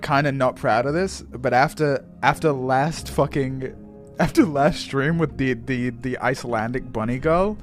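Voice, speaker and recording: A young man streaming a game, chatting casually, swearing, laughing and stumbling over words. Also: mid-range voice. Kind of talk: live game stream chat. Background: faint game music.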